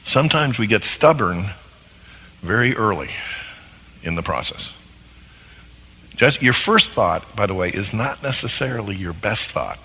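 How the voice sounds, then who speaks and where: A man's voice: fairly low pitch, animated, measured pace, long pauses, bright, forceful tone, breathy edge. A man teaching a lesson on marriage who often asks his listeners rhetorical questions. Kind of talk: lecture on marriage. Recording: long hall reverb.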